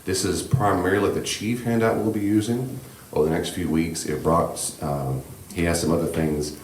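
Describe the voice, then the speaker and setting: A man with an extremely deep voice leads a church class on grief, gentle and reassuring in tone. He talks conversationally with many asides into a handheld mic. The room echoes, and a faint hiss sits underneath. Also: steady tone, normal speed. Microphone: handheld microphone.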